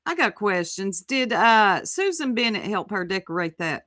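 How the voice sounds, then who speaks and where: A woman's voice: mid-range voice, big pitch swings, moderate pace, bright, forceful tone, no room sound. A woman hosting a casual live-stream chat, chatty and drawling. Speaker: host.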